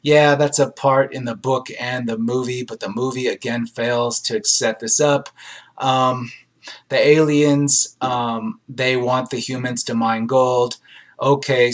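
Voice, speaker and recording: A man of middle pitch reads audience film reviews aloud and answers each one in a loose, unscripted way. His asides are dry and sarcastic, and he leans on frequent ums as he thinks. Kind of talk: casual commentary reading reviews aloud.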